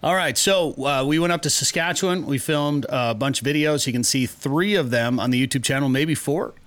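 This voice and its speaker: A man's voice: mid-range voice, fairly quick, fairly bright tone, no echo. A man co-hosting an outdoors radio show, chatting casually and reading news items with a joking manner.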